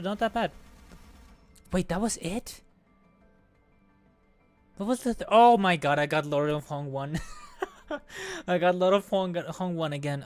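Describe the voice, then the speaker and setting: Woman streamer, gaming stream chat, squeals and mutters, animated pitch, faint background music. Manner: squealing bursts of excitement, then deflated mumbling. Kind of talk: excited gacha-pull stream chat.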